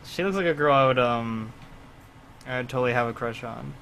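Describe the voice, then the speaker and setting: Young man, bright sharp voice, casual podcast chat, faint hiss. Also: medium pitch, a little fast, creaky, rough recording. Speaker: podcast co-host.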